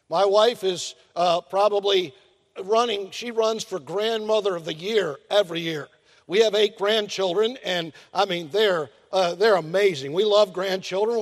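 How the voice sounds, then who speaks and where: Older male pastor, high-pitched, folksy sermon delivery, long church reverb. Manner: folksy preaching with drawn-out emphasis and acted-out asides.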